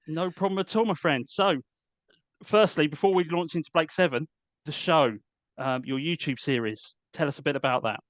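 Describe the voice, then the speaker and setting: A man's voice: on the high side, fairly quick, dry recording. Chatty man hosting a podcast. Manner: chatty, enthusiastic, restarts often. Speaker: podcast host. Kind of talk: casual podcast interview.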